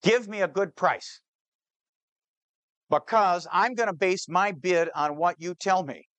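A man's voice: sits high, slow pace, a bit bright, no echo. A man voicing an earnest, hopeful builder in his story, pleading under pressure.

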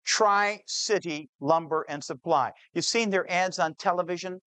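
A man telling a true-to-life story to an audience, slowing down on key details and voicing the people in it. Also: sits high, pushed and bright, clear, resonant tone, dry recording. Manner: shifts pace, slows on key details, plays the people in the story. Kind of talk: dramatic spoken storytelling.

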